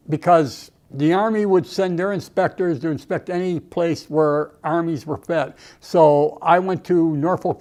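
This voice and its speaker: A man's voice: on the high side, darkish tone. Older man, emotional storyteller. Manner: emotional storytelling with frequent "okay" and "you know". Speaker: Army veteran interviewee. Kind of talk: reminiscing documentary interview.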